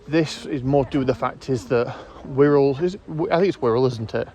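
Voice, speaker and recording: A man hosting his own video channel, giving rambling, casual commentary outdoors, correcting himself often and filling pauses with ums. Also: mid-range voice, a little mellow. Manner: rambling, self-correcting, hesitant fillers. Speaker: YouTube host.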